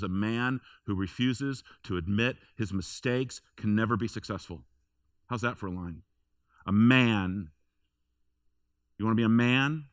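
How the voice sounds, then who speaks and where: A man's voice: fairly low pitch, fairly bright tone, no echo, studio quality. A man preaching a sermon in a church, telling a personal story in a conversational way with emphatic repetition. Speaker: pastor.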